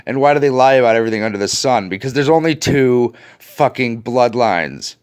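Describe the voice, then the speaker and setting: A man's voice: mid-range voice, expressive, brisk, clear, resonant tone. A man hosting a video, ranting to his viewers in an angry, profane and sarcastic way. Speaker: video host.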